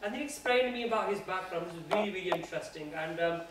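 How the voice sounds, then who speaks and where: High-voiced earnest man in echoey room. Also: quick pace, far from the mic. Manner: earnest, conversational. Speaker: guest speaker at a university society. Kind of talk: informal religious talk. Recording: echoey room, voice from afar, faint noise.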